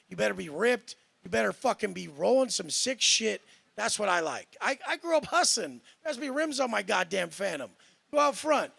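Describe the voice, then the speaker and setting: Brash, profane man with a gravelly voice. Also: sits high, bright, forceful tone, no echo. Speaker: panel guest. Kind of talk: heated podcast panel talk.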